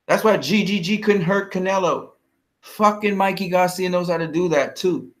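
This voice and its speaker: A man's voice: high voice, moderate pace. A man vlogging about boxing in a heated, profane, confrontational rant. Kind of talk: ranting fight commentary.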